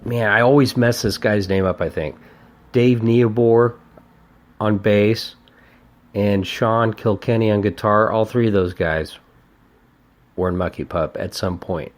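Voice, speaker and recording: Slow-talking profane male podcast host. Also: fairly low pitch, fairly even intonation. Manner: profane, rambling and enthusiastic. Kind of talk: casual podcast album review.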